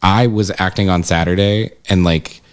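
A man's voice: normal speed, clear, resonant tone. A man who manages a haunted house, chatting casually in an interview and acting out quotes as he tells stories. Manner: animated storyteller, acts out quotes with jumps in pitch.

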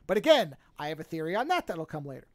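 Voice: medium pitch, very animated, fast talker, no room sound. Profane, rambling podcast host recapping a film. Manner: profane, rambling storyteller who acts out quoted lines. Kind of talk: casual film recap chat.

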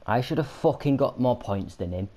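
A man's voice: mid-range voice, animated, normal speed, dark tone. A man with a Yorkshire accent, commentating while he plays a video game and swearing through frequent angry outbursts. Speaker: gamer. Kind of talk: gaming commentary.

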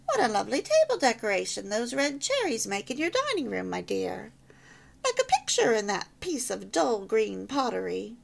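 A haughty older lady from a storybook, sweeping and grand, pitched up high and loud with lavish exclamations, as a woman puts her on. Her tone is lofty and critical beneath the praise. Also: big pitch swings, normal speed, creaky, exaggerated voice. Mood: grand, gushing.

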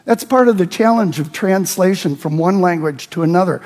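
A man preaching a sermon as pastor, reading scripture aloud and rising into impassioned shouts. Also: high-pitched, normal speed, long reverb tail. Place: church sanctuary.

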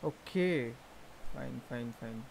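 A man, chatting casually while streaming a role-play game, laughing often and holding it quiet. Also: medium pitch, takes it slowly, creaky, noisy background. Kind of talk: casual gaming livestream chat.

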